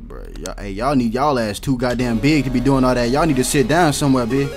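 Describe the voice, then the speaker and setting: A young man doing loud, slangy, excitable let's-play commentary, swearing and shouting at game characters. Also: mid-range voice, brisk, over music. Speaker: gaming YouTuber.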